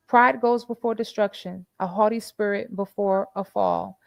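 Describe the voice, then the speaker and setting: A woman's voice: mid-range voice, fairly even intonation, moderate pace, gravelly, hardly any pauses, no echo. A woman hosting a casual livestream, chatty and preachy, quoting scripture and repeating phrases with many fillers. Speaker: livestream commentary host.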